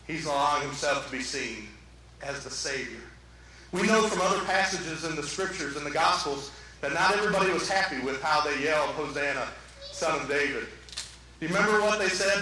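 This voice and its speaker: A male preacher with a bright, high voice gives a folksy sermon in a church sanctuary, tossing joking asides to the congregation. The recording is echoey and distant, with faint noise.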